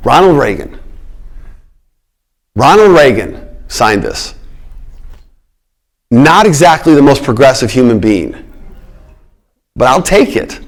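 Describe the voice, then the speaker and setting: A man's voice: mid-range voice, big pitch swings, slow pace, long pauses. A middle-aged man giving a public lecture on politics, emphatic, repeating his key words and checking in with the audience.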